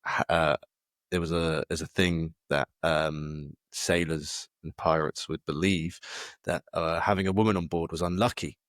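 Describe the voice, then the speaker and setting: A man's voice: a bass voice, steady tone, a little slow, a bit bright, dry recording, studio quality. A man rambling through a theory in casual chat, full of fillers and restarts. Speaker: podcast co-host.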